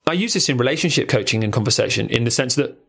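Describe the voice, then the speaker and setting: Playful, animated podcast co-host man. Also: mid-range voice, rapid-fire, vocal fry. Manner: animated storyteller, playful and crude. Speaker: podcast co-host and relationship coach. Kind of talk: casual podcast chat. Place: recording studio.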